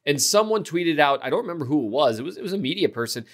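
A man talking on a casual sports podcast in a quick, rambling way, full of "like" and "you know". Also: fairly high pitch, very animated, fairly bright tone. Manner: quick, rambling talk with fillers. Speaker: podcast co-host.

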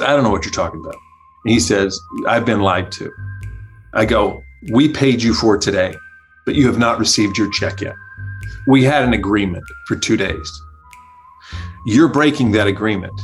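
A man telling a comic anecdote as a podcast guest, animated, acting out the people he quotes and laughing as he goes. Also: on the low side. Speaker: guest storyteller, comedy writer. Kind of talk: casual anecdote.

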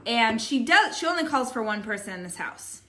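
A woman in her thirties co-hosting a casual chat, telling a story with animated voices. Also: a little high, fairly quick. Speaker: podcast co-host.

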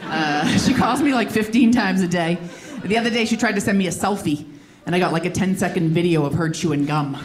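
A comedian from Boston tells stories in a loose, chatty way and keeps laughing through the lines. The voice sits in the middle of the range. The clip carries clear noise and room ambience behind the set. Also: medium pitch, a little fast. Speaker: stand-up comedian. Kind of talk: stand-up comedy routine.

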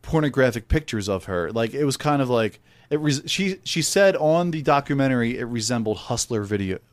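A man's voice: medium pitch, expressive, fairly quick. Blunt, profane male podcast storyteller. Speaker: podcast co-host. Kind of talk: casual chat.

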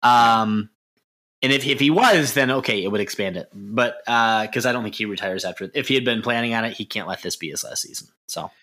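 A man's voice: fairly low pitch, fairly quick. A man co-hosting a casual sports podcast, joking and getting worked up as he answers listener questions. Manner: animated, joking, worked-up rants. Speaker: podcast co-host.

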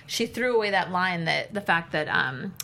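A woman's voice: on the low side, moderate pace, gravelly, bright, forceful tone. A woman co-hosting a casual TV recap chat, thoughtful and analytical, restarting her sentences as she works out her points. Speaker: podcast co-host.

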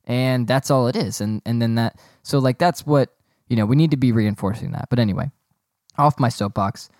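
A man's voice: medium pitch, fairly quick, darkish tone, dry recording, studio quality. Sarcastic young man ranting on a podcast. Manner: rambling, sarcastic, breaks into giggling fits. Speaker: podcast host. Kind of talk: casual solo podcast rant.

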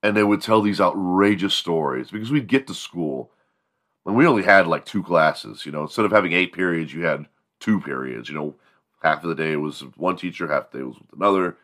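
A man's voice: low voice, brisk, a bit bright. A man hosting a morning show, telling rambling, profane comedic stories. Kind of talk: comedic storytelling.

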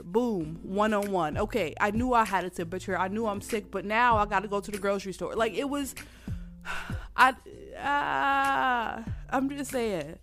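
Coughing through an illness, a podcast host runs her casual solo show, rambling candidly, laughing a lot and addressing listeners as y'all. Her voice is fairly high and fairly bright.

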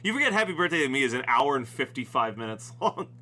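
Bright, joking man riffing on a movie. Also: medium pitch, big pitch swings, quick pace. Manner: laughs often, profane, joking. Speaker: podcast co-host. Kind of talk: casual movie review chat.

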